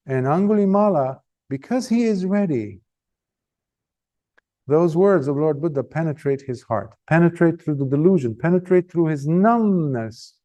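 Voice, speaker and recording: A man gives a dharma talk as a monk teacher, telling a story in a fairly high voice. He speeds up and slows down for emphasis and keeps the telling animated.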